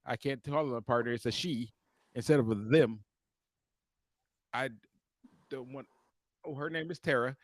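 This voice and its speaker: A man co-hosting a podcast, telling a profane story as an animated, cussing rant. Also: on the high side, no echo, clean studio sound. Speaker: podcast co-host.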